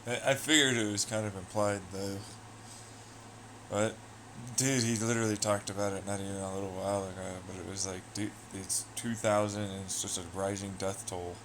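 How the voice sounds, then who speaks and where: Man, low voice, casual livestream chat, rambling, profane, faint background hiss. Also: flat delivery, moderate pace. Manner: loose, profane, trailing off into asides. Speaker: livestreamer chatting with viewers.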